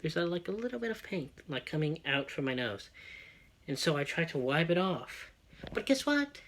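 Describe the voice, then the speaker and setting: Male vlogger, excitable profane ranter, bright and fairly high voice. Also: moderate pace, a little hiss or hum. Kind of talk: personal rant monologue.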